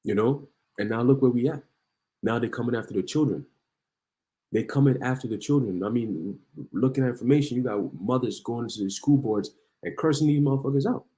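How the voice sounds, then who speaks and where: A man's voice: mid-range voice, fairly quick, dark tone, low-quality recording. A man preaching in heated commentary on the news, reading articles aloud and then ranting. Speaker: online preacher.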